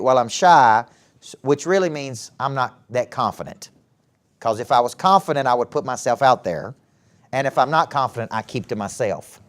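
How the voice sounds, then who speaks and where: Southern man coaching a room of kids. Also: medium pitch. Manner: animated, asks the audience questions. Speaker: motivational speaker and former coach. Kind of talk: live talk to a youth audience. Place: event hall with a live audience.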